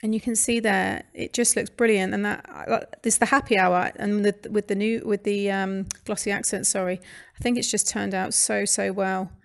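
A woman's voice: mid-range voice, fairly even intonation, moderate pace, gravelly. A British woman hosting a craft channel, chatting casually through a scrapbooking voice-over with fillers and restarts. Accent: British English. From United Kingdom. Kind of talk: casual voice-over narration of a scrapbooking process video.

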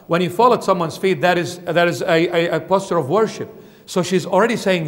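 Fervent high-voiced preacher in a church. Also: male voice, moderate pace, in a large hall. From Australia. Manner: emphatic, rising to fervent peaks then dropping low. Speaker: bishop preaching. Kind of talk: sermon.

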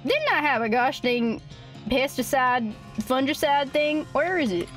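A woman's voice: sits high, big pitch swings, measured pace, fairly bright tone. A young woman streaming a game, reading its text aloud and chatting in a hammy, folksy put-on cowboy drawl. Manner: reads game text aloud, laughs often. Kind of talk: playful let's-play commentary. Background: faint game music.

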